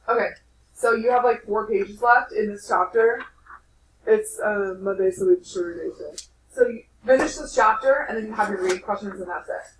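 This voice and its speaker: A woman's voice: medium pitch, brisk. Lady teacher reading to the class then chatting about homework, echoey room, recorded from afar. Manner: casual, chatty with students. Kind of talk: reading aloud, then giving class instructions. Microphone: distant recording device. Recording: distant echoey classroom, faint noise.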